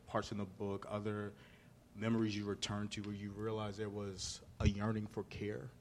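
A man interviewing an author, asking thoughtful questions in a measured, hesitant way. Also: lowish voice, completely flat delivery, slight background noise.

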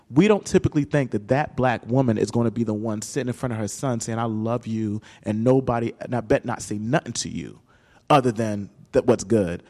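A man's voice: medium pitch, darkish tone, in a large hall. A man in his thirties, an author and guest in an interview, telling a personal story candidly and emotionally, with casual slang.

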